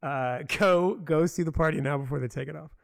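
A man's voice: on the high side, fairly quick, vocal fry, no room sound, clean studio sound. A man hosting a podcast, rambling in casual chat with many fillers. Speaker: podcast host.

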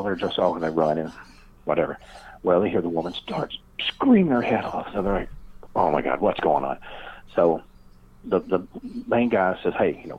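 A man's voice: low voice, a little hiss or hum. A man, a guest author, telling a rambling story in an interview, full of fillers and acted-out quotes. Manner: meandering, many fillers, acts out quoted voices. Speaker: guest author and paranormal researcher. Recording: dull lo-fi remote audio.

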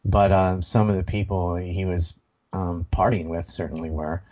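Deep-voiced man rattling off details. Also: flat delivery, darkish tone, muffled recording. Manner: rapid, information-dense, many fillers. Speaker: podcast host. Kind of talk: casual interview talk. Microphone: video call.

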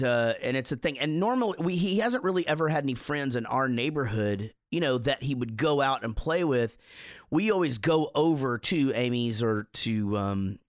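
A man's voice: medium pitch, no room sound, clean studio sound. A man co-hosting a podcast who tells rambling, profane stories in a casual chat and laughs as he goes. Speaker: podcast co-host.

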